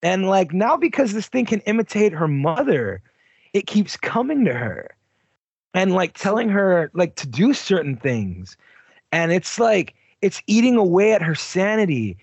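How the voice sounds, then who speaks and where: A man's voice: high voice, sing-song, unhurried, vocal fry, husky, no room sound. A man co-hosting a casual movie podcast, talking bluntly with lots of swearing and "like.". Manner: blunt, profane, heavy use of "like". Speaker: podcast co-host.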